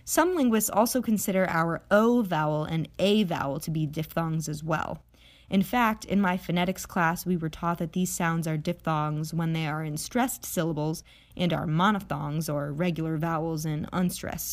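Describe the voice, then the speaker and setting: A young woman hosting an audio lesson on phonetics, explaining vowels in a chatty way with playful asides and slowing down to model each sound. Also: on the low side. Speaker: podcast host teaching phonetics. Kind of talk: educational podcast lesson. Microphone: audio-only podcast recording.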